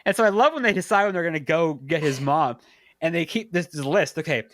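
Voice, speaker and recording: A man's voice: fairly quick, dry recording, studio quality. A man hosting a podcast, casually talking through a movie and acting out its lines with big jumps in voice. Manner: animated, acts out quoted lines with big pitch jumps. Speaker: podcast host.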